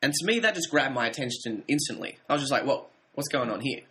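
A man co-hosting a film review podcast, thoughtful and measured, pausing now and then to find his words. His voice is bright and crisp, at a middle pitch. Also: animated. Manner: thoughtful, measured, slightly hesitant. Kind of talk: casual film review chat.

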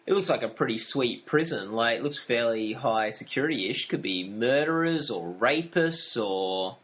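A man co-hosting a casual podcast rambles through a recap chat, chatty and laughing often. His medium-pitched voice is expressive and fairly bright at a moderate pace, heard through dull lo-fi audio.

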